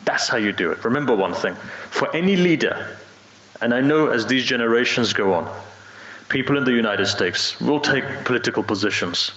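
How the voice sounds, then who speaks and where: A man's voice: medium pitch, expressive, normal speed, a bit bright. Earnest man preaching in a roomy hall. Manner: earnest storytelling, rising and dropping emphasis. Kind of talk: sermon. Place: mosque hall. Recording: roomy, dull hall recording.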